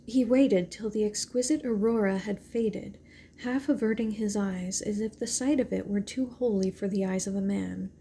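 Woman narrator, audiobook, gravelly, mellow, faint hiss behind. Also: mid-range voice, normal speed.

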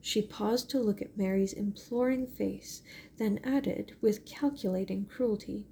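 A woman narrating a novel as an audiobook, in measured storytelling. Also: mid-range voice, vocal fry, warm tone, slightly rough. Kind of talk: audiobook reading.

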